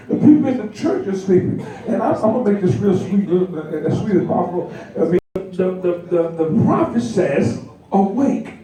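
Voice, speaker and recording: A man gives a sermon in a high, mellow voice, lively and laughing as he acts out the people in his stories while the congregation responds. He sounds far from the mic in a very echoey church hall.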